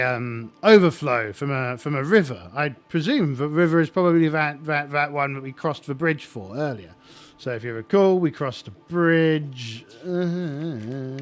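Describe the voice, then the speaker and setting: Man running a solo game, high, animated voice, halting narration over faint music. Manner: rambling, stop-start with many fillers. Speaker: game master.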